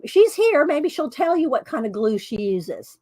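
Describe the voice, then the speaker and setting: A woman's voice: sits high, big pitch swings, measured pace, dark tone, no room sound. A woman hosting an art livestream, chatting casually and rambling as she thanks viewers by name. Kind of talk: casual chat.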